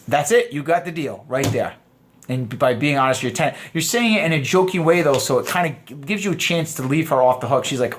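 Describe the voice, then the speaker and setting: A man's voice: mid-range voice, expressive, fairly quick, a little hiss or hum. A man teaching a dating course in a loose, conversational way, often acting out sample lines. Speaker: dating coach. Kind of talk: casual course lecture.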